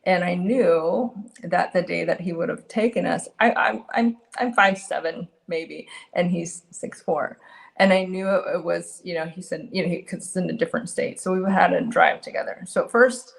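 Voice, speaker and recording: A middle-aged woman giving a candid personal testimony as an interview guest, earnest and halting with frequent restarts. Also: fairly low pitch, vocal fry.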